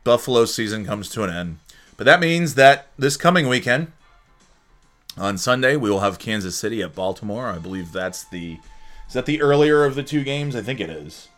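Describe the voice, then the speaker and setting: A man's voice: medium pitch, lively intonation, normal speed, fairly bright tone, faint music behind. A man hosting a casual solo sports talk show, rambling and joking with many fillers and restarts. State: sleepy, yawning. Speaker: sports podcast host.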